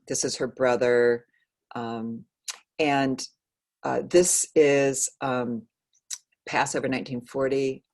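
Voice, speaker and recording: A woman author speaks on a video call in a halting, conversational way, full of fillers and restarts. She is losing her voice, and it comes out gravelly and husky. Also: very deep voice, a little mellow. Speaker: author guest. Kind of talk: conversational book talk.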